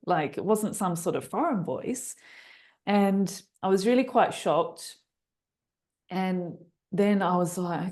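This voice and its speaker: A woman in a casual conversation telling a personal story, acting out her own thoughts with sudden jumps in pitch and bursts of laughter. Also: moderate pace, darkish tone. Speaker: podcast guest, business author.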